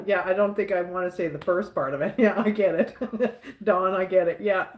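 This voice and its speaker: A woman's voice: medium pitch, normal speed, darkish tone, reverberant. A woman hosting a livestream, chatting casually and reading out viewer comments, laughing often and repeating little catchphrases. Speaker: livestream host.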